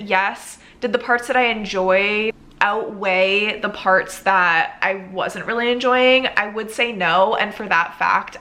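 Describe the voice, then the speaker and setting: A woman's voice: on the high side, bright, forceful tone. A young woman in a casual book review vlog, chatting and thinking aloud with lots of "like" fillers. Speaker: book vlogger.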